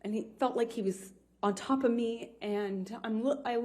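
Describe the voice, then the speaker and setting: Halting woman testifying on a witness stand. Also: on the high side, warm tone. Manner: halting, hesitant, with many fillers and restarts. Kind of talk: courtroom testimony.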